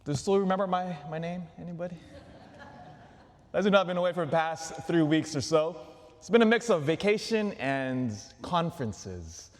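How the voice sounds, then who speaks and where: A priest preaches to his parish with a fairly high, lively voice that swoops up and down. He fires off rhetorical questions and drops into near-whispers. The sound carries a long church reverb. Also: moderate pace. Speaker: Catholic priest. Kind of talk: sermon. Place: large church.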